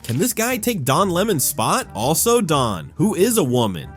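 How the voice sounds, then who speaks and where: A man's voice: on the high side, wildly swooping pitch, normal speed, faint music behind. A man giving sarcastic, wisecracking commentary over news clips.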